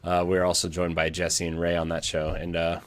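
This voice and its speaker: A man's voice: low-pitched, completely flat delivery, brisk, no echo. A man hosting a casual podcast, talking loosely with lots of fillers and restarts. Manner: rambling with many fillers and restarts. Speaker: podcast host.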